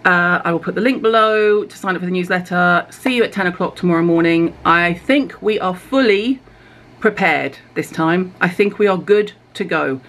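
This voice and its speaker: A middle-aged British woman chatting casually to camera as she unpacks skincare kits, candid and self-mocking with quick asides. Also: fairly low pitch, a bit bright. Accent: British English. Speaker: skincare vlogger. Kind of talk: casual product reveal to camera.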